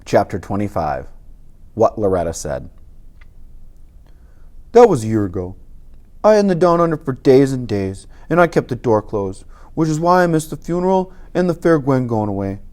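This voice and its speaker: A reader giving an animated, emphatic first-person narration of a novel. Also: mid-range voice, normal speed, pauses often. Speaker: audiobook reader.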